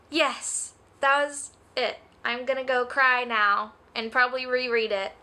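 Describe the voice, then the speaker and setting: A young woman talks through a book review in a high, bright voice. She takes her time and rambles, gushing and emotional, close to tears. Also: little pitch movement, a little slow, hardly any pauses. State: tearful. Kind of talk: casual book review vlog.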